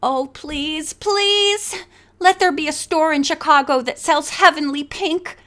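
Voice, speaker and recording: Bubbly gushing teen girl done by a lady reading aloud, high and breathless. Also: unhurried, pushed and bright. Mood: excited. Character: excitable teen girl, boy-crazy fashion fan.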